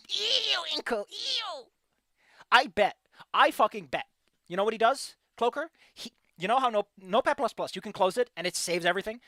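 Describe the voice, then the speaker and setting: A streamer reading a visual novel aloud and commenting along with it, with animated, jokey reactions and loud squeals. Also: mid-range voice, dry recording, studio quality.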